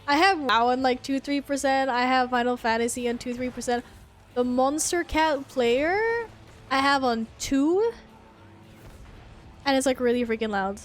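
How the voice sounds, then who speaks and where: A woman's voice: high-pitched, measured pace. A woman streamer in casual chat, swearing, laughing and reading chat messages aloud.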